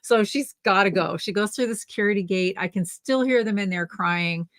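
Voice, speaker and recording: A woman's voice: medium pitch, moderate pace, a bit bright, no room sound, clean studio sound. An older woman co-hosting a casual knitting livestream, telling a family story in a chatty way with restarts.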